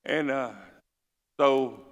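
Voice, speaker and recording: A man's voice: medium pitch, fairly even intonation, very slow. A man preaching a sermon with a Southern accent, folksy and joking, reading scripture with rising force. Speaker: pastor. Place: church sanctuary. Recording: church hall reverb.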